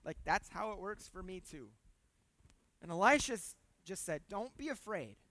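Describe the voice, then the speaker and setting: A pastor giving a conversational sermon with humor, repeating words for emphasis and swinging between loud points and hushed asides. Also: medium pitch, lively intonation, moderate pace, no echo.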